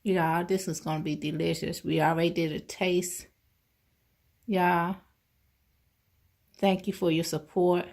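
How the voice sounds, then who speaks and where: Woman cooking vlogger, lowish raspy voice, chatty and homey, talks to viewers directly. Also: flat delivery, measured pace, long pauses, darkish tone. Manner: chatty, talks to viewers as y'all, eats on mic. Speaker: cooking channel host. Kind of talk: casual cooking vlog.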